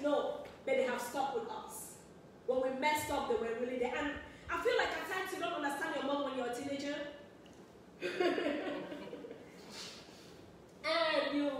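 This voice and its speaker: A woman's voice: high voice, fairly bright tone. Woman preaching, gets emotional, does little voices in her stories, echoey church hall, faint hiss. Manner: emotional, acts out quoted voices. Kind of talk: sermon. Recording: very echoey hall, distant mic, faint noise.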